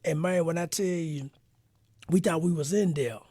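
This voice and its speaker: A man hosting a podcast interview, telling a story in an animated, slangy way. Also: fairly high pitch, moderate pace, husky, dry recording. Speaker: podcast host. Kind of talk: casual interview chat.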